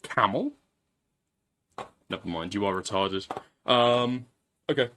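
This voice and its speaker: Man, lower voice, lively swings in pitch, sweary, rambling stream commentary. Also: measured pace, a little hiss or hum. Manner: crude, rambling, swears often, repeats himself. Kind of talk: casual live-stream commentary.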